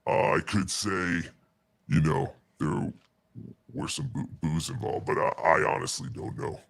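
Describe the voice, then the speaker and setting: Low gravelly man telling a story. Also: lively intonation, unhurried, no room sound. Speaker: interview guest telling a story. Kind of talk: casual storytelling.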